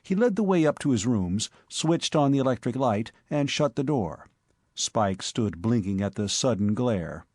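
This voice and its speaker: A man narrating a comic novel as an audiobook reader, in a measured, wry manner. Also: medium pitch, lively intonation, darkish tone, no echo, studio quality. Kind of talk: scripted narration.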